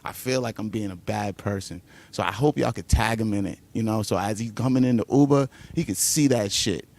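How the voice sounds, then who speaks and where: A man's voice: fairly low pitch, fairly quick, vocal fry, darkish tone. A man who is a fighter at a press conference, talking trash in a brash, profane, boastful and taunting way. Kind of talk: trash talk.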